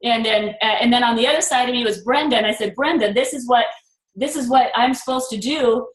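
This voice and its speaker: An older woman leading a group video call, telling a personal story and acting out her own inner voices with lively swings. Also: on the high side, a little fast, echoey room, poor audio. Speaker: group leader.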